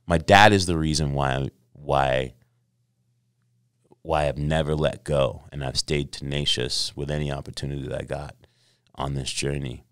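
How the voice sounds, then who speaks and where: A middle-aged man with a very deep, low voice tells a casual story as a podcast guest. He swears freely and acts out what other people said, all of it captured close and dry. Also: fairly even intonation, moderate pace, clean tone, no echo.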